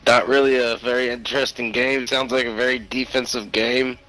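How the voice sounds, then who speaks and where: A man's voice: mid-range voice, flat delivery, a little fast, bright, forceful tone, faint music behind, low-quality recording. A man co-hosting a podcast, talking football in a hesitant, laid-back way with fillers. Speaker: podcast co-host. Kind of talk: casual sports chat.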